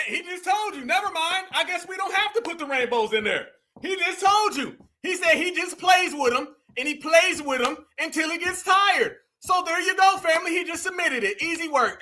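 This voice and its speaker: A man's voice: very high-pitched, bright, forceful tone. A man hosting a casual reaction commentary, mocking and laughing as he talks to viewers he calls family. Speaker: commentary show host.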